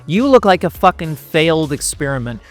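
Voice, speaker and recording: A man's voice: fairly high pitch, big pitch swings, moderate pace, faint music behind. A man giving a profane, mocking reaction commentary, laughing between insults. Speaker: commentary youtuber.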